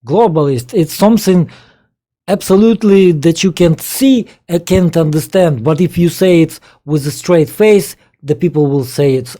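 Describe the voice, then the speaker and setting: A man's voice: a little high, moderate pace, mellow. A man with a Russian accent whose first language is Russian, giving reaction commentary on a played video and firing exasperated rhetorical questions in broken English. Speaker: political commentator.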